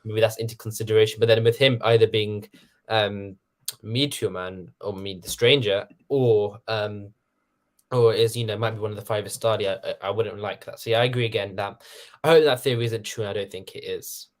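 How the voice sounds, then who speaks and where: A man with a lowish voice speaks as a guest on a casual livestream chat. He stumbles and repeats himself and fills the gaps with "you know" as he lays out his thoughts. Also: steady tone. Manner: halting, repeats words, frequent "you know".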